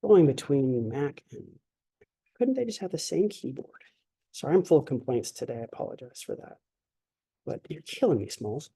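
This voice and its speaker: Warm and husky, this mid-range male voice swings widely in pitch at a normal speed. He's a language instructor giving an online lecture, rambling and filler-heavy, and he shows sounds by voicing them in an exaggerated way.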